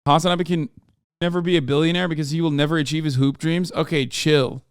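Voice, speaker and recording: A man's voice: fairly high pitch, steady tone, quick pace, clear, resonant tone, no room sound, clean studio sound. A male streamer host giving profane, sardonic reaction commentary to his chat.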